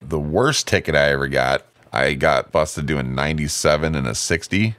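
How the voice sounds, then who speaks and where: A man in his forties telling stories in casual chat, animated and acting out voices as he goes. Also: a bass voice, moderate pace, dry recording. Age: 40s. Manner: animated storytelling, acts out voices in quotes.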